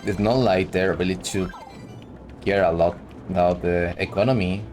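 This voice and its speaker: A low-voiced man giving loose let's-play commentary, chatty and joking, with little self-mocking asides to the viewer. Faint game music plays under his voice. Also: steady tone, moderate pace, darkish tone. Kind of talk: casual gameplay commentary.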